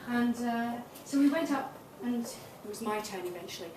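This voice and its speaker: Giving a public talk in a small event space, a tantra massage teacher tells candid, self-deprecating stories punctuated by laughs. She speaks at normal speed in a fairly high voice, and the distant-mic recording is roomy and noisy.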